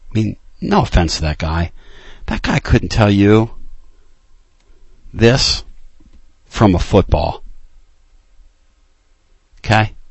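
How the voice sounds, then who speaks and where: A man hosting a late-night sports call-in show, ranting with fire and dropping to low, intense urging. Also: slightly rough, no room sound. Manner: fired-up ranting, swinging between loud outbursts and low intense urging. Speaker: sports talk show host.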